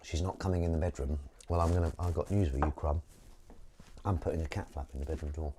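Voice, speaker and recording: Deep-voiced man chatting over the dishes. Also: steady tone, fast. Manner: chatty and rambling, jokey asides to viewers. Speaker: host washing dishes on a livestream. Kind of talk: casual chat while washing up. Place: home kitchen at the sink. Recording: dish clatter and water noise. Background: clinking dishes and cutlery.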